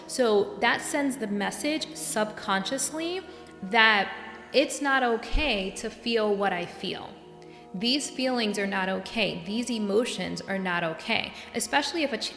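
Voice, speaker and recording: A young adult woman from New York hosting a solo podcast, talking earnestly and getting worked up and animated. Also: medium pitch, vocal fry. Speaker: podcast host and coach. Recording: echoey room with long reverb.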